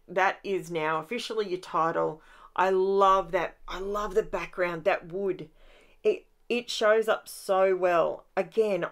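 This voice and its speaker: A woman with an Australian accent, chatting through a voiceover of her own scrapbooking process in a lively, animated way. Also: lowish voice. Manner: chatty and animated, with rising exclamations and laughs. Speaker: scrapbooking channel host. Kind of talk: voiceover narration of a crafting process.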